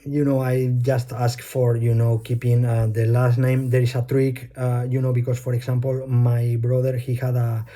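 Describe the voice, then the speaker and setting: A man with a Spanish accent, a native Spanish speaker talking English, rambling through a personal vlog monologue with many pauses and fillers. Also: medium pitch, little pitch movement, warm tone. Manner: hesitant, many fillers, loses his thread. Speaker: vlogger. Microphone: phone.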